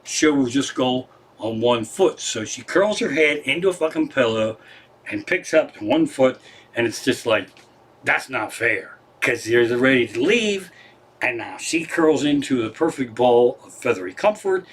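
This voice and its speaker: A man's voice: medium pitch, lively intonation, unhurried, husky. A comedian casually retelling scenes and stories on a livestream from his living room, swearing freely and rambling. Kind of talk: casual stand-up storytelling on a livestream.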